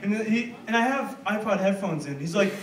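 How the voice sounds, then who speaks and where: A young American man performing a rambling, animated stand-up set, acting out voices in his stories. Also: high-pitched, a little fast. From United States. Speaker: stand-up comedian. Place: comedy club stage. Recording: roomy, distant live club recording with noise. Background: audience laughter.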